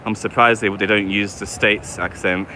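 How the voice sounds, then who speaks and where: A man's voice: fairly low pitch, steady tone, moderate pace, pushed and bright, a little hiss or hum. A man from England with a London accent, chatting casually on a live walking-tour stream and reading viewer comments aloud while walking outdoors on a city street. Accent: London English. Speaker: vlogger.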